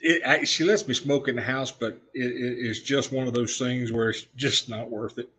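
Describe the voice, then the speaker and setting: Man, middle-aged, live-stream host, medium pitch, rambling with fillers, a bit choked up, workshop. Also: fairly even intonation, normal speed, a bit bright, slight background noise. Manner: rambling, with frequent "uh" and restarts. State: coughing spells. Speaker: show host. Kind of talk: casual live-stream chat. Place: his workshop.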